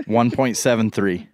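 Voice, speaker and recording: A man's voice: lowish voice, darkish tone, slight background noise. A man in a casual podcast chat, making short, easygoing remarks.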